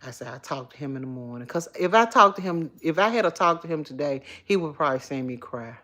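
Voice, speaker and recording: A middle-aged woman runs a casual livestream, talking candidly with viewers and reading their comments off her phone. Her voice is low and expressive, with a sharp tone, and she speaks quickly.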